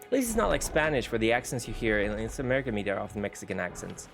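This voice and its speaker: A man's voice: on the low side, very animated, very fast, vocal fry. A man with a Swedish accent, a native Swedish speaker, chatting casually while streaming a game, rambling and restarting his sentences. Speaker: VTuber streamer. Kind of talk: casual gaming stream commentary. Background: faint background music.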